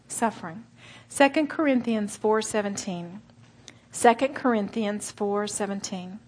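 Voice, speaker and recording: A woman preaching to women, telling her own story with lively, animated delivery and acted-out voices. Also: medium pitch, a little slow, husky. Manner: animated storytelling, acts out voices, laughs often. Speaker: women's Bible teacher. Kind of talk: sermon.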